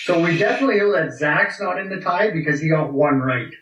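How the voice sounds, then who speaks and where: A man's voice: a little high, quick pace, a bit bright. A man hosting a casual podcast game, blunt and profane, reading quotes aloud to the players. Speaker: podcast host running a quiz game. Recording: roomy, distant mic, faint noise.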